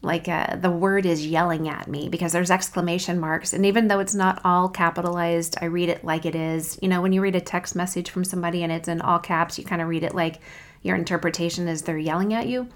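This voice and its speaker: A woman hosting a faith podcast, speaking in an earnest, reflective and encouraging way, reading scripture slowly and deliberately. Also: lowish voice, fairly even intonation. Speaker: podcast host. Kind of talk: faith podcast devotional talk.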